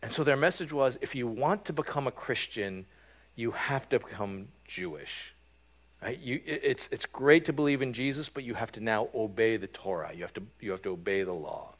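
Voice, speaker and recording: A man delivers a sermon in an easy, conversational manner, his voice sitting at an ordinary middle pitch. He speaks like he is explaining ideas across a table, often checking in with a quick "right?" and pausing on "um". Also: animated. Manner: conversational, frequent "right?" and "um" fillers. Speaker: pastor.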